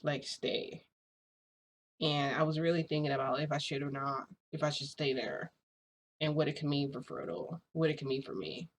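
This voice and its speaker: A woman's voice: low voice, a little fast, slight background noise. A woman telling a rambling story to her viewers in a casual vlog, full of "like" and small laughs. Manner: rambling, filler-heavy, frequent "like"; laughs between phrases. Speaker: vlogger.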